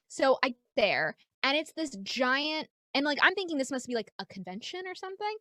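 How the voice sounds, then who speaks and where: A woman comedian from New York spins a story with a high, bright, forceful voice, leaping into the voices of the people she describes. The sound is close and dry. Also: quick pace, hardly any pauses, no echo. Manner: animated, acts out the people in her stories. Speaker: comedian, guest. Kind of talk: casual chat, comic storytelling.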